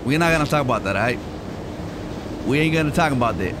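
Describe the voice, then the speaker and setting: A man's voice: medium pitch, animated, fast talker, background noise. A man streaming a video game, joking and hyping in slangy casual commentary. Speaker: gaming streamer. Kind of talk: casual let's play commentary.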